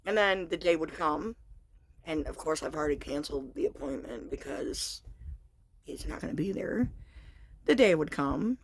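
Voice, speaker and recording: A woman's voice: low voice, lively intonation, gravelly, breathy edge. Frank woman telling a personal story. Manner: frank, confessional, halting with fillers. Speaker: vlogger.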